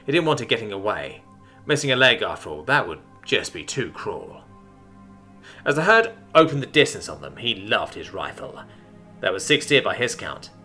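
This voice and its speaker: A man reading a sci-fi story aloud as a scripted narration, with an animated storytelling delivery. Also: lowish voice.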